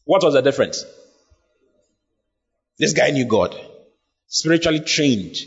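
Husky-voiced man preaching a sermon. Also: on the high side, sing-song, measured pace. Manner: emphatic, asks the congregation many questions. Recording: dull lo-fi sound.

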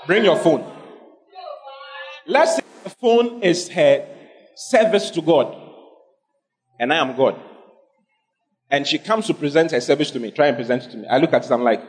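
A man preaching a lively sermon as pastor to a congregation, acting out scenes and questioning listeners directly. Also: on the high side, moderate pace, pauses often. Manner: animated preaching, acting out God in a dramatic skit. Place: church hall with congregation.

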